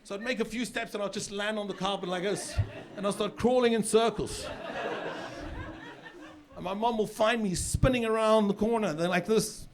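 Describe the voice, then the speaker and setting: A middle-aged man from South Africa doing a stand-up comedy set on stage, chatty and loose, with sudden shouted punchlines. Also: high voice, normal speed, a crowd in the background. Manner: conversational, with filler repeats and sudden shouted punchlines. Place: comedy stage with a live audience. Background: audience laughter.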